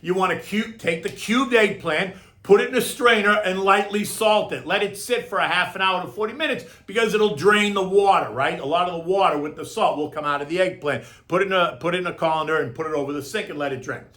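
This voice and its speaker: A man's voice: high voice, fast talker, hardly any pauses, fairly bright tone. A middle-aged man giving casual market commentary and then a recipe, chatty and emphatic, often asking "right?". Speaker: market commentator and home cook.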